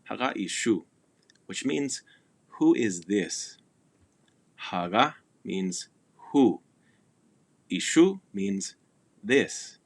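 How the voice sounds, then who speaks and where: Man, deep low voice, slow unhurried delivery, patient language teacher, repeats words for practice. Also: lively intonation, creaky. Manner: patient, repeats words slowly for pronunciation drills. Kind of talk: recorded language lesson review.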